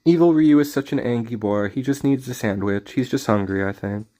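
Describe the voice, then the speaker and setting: A man's voice: mid-range voice, a little fast, mellow. A man streaming a card game, rambling in casual commentary with jokey, self-mocking asides.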